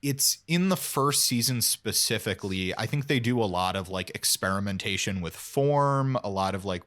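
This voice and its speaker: Low-voiced man, enthusiastic casual chat. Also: fairly bright tone. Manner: enthusiastic, rambling with fillers. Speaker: podcast co-host.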